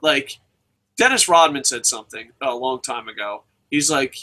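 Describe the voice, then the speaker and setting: A man's voice: mid-range voice, very animated, moderate pace, pushed and bright. A man co-hosting a wrestling news show, ranting bluntly and profanely in casual chat.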